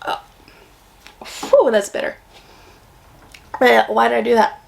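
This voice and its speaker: A woman's voice: fairly high pitch, little pitch movement, moderate pace, vocal fry. A young American woman vlogging a casual beer taste test, chatty and blunt in her reactions. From United States.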